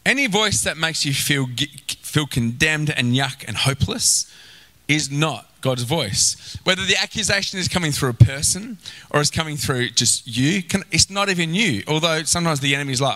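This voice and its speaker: Male pastor, sermon delivery, higher voice, very bright and forceful. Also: moderate pace, poor audio. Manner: animated, acts out inner voices, exclaims.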